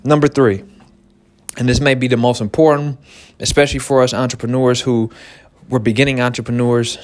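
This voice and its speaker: Speaking to entrepreneurs, this male small business owner delivers a lively motivational talk full of repeated key phrases and frequent laughter. He has a mid-range voice and keeps a moderate pace.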